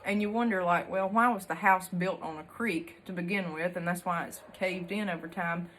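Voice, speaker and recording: Young southern gal from alabama, folksy storyteller, laughs a lot, talks right to the camera. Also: female voice, on the low side, steady tone, moderate pace, fairly bright tone, a little hiss or hum. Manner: chatty and folksy, uses country sayings and laughs often. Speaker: homesteading vlogger.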